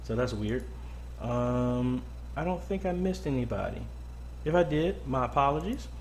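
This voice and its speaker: A man's voice: mid-range voice, expressive, moderate pace, a little hiss or hum. A man hosting a casual weekly live-stream Q&A from a home studio, greeting viewers by name with lots of ums. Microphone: boom-arm mic close up.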